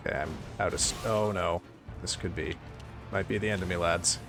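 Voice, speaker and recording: Male streamer from Canada, lowish voice, wry banter over game music. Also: brisk. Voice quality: wry, chatty, swears in jest. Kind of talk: casual live-stream chat while gaming. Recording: game music playing behind.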